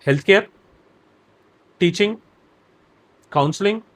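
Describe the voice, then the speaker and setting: High-voiced man with Indian English accent. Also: takes it slowly, a bit bright. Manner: expansive, emphatic, lists examples. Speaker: guest, operations director and career trainer. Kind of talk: candid podcast conversation.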